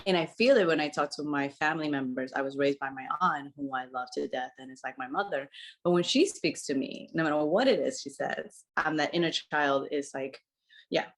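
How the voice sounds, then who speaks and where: Low-voiced woman chatting candidly. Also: a little fast. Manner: candid, animated, laughs easily. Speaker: podcast co-host. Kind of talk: casual conversation.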